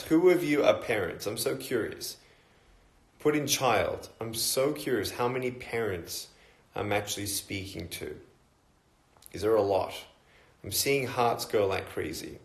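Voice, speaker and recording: A middle-aged Australian man chatting casually on a phone livestream, greeting viewers by where they are and filling pauses with ums and uhs. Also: mid-range voice. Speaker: motivational speaker. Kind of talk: casual live-stream chat.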